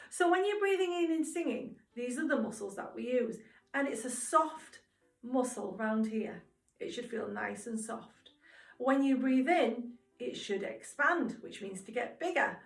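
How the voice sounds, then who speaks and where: A woman teaching a singing lesson to young children, encouraging and speaking slowly and clearly. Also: on the high side, fairly bright tone. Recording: roomy sound from a distance, music behind.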